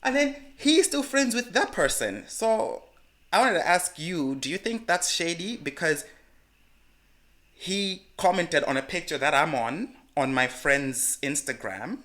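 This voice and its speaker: A man, co-hosting a podcast and telling a personal story in frank, animated casual chat. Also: on the high side, a little slow. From Malawi. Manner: animated, frank storyteller who swears freely. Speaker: podcast co-host.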